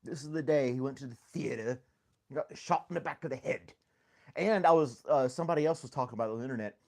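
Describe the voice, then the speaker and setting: A man's voice: mid-range voice, fast, vocal fry. A man hosting a casual livestream chat, rambling and joking, laughing often at himself. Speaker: host.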